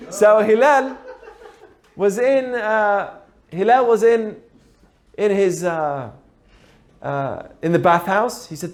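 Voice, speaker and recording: A man teaching through an animated story, acting out the characters as he goes. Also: sits high, slow, pauses often. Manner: animated, acts out the voices in his stories. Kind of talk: storytelling lesson.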